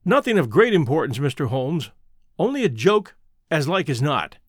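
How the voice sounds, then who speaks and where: A man's voice: on the high side, big pitch swings, moderate pace, husky, no room sound. A man voicing a blunt, plainspoken young baronet who exclaims freely, in a dry close recording.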